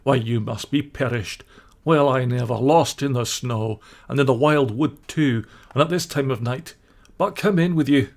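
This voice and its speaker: A man voicing a gruff, suspicious old male badger who turns kindly toward his friends. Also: mid-range voice, a little fast, natural voice. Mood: warm, fussing. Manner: gruff, then warmly welcoming.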